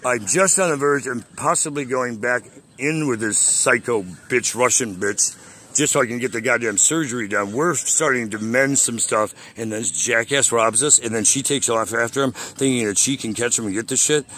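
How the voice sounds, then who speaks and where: A man's voice: mid-range voice, moderate pace, pushed and bright. A man in an agitated, profane, boastful rant on a call, swearing constantly and making threats.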